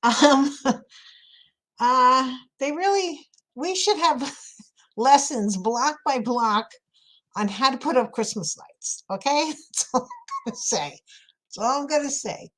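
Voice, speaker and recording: A woman's voice: high-pitched, big pitch swings, slow pace, long pauses, fairly bright tone. Chatty New York woman crafter. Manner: chatty, laughs often, talks to viewers. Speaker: craft livestream host. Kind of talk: casual chat while crafting.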